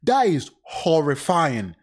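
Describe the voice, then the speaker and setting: A man with a somewhat high voice doing casual reaction commentary on a crime case. He reads passages aloud, then breaks off into blunt, profanity-laden remarks. His talk is loose, animated and unscripted. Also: takes it slowly. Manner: blunt, swears often, animated side remarks.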